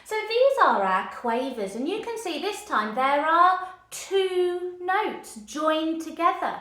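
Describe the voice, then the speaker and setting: A very high, bright, forceful voice comes from a woman teaching children music, speaking slowly but animatedly amid reverberation. As a primary school music teacher, she encourages the class and chants rhythms for them to clap, with a screen behind her.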